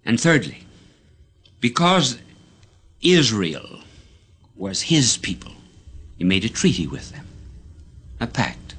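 Male preacher, low and unhurried, dramatic swells and whispers. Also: breathy edge. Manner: slow, dramatic delivery, swelling loud then dropping to a whisper. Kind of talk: sermon.

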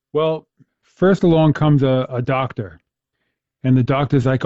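A man hosting a casual conversation about faith speaks earnestly, telling stories and restarting his sentences as he thinks. His voice is mellow, at an ordinary pitch. The sound is dry and close, with a slightly muffled, lo-fi quality. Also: a little slow, long pauses, dry recording. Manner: earnest, storytelling, with frequent restarts. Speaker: host.

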